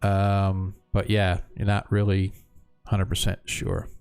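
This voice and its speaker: A man's voice: low-pitched, completely flat delivery, slow pace, vocal fry, darkish tone, smooth, soft background music. Rambling male game master. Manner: rambling, lots of fillers, casual. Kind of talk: narrating a tabletop game.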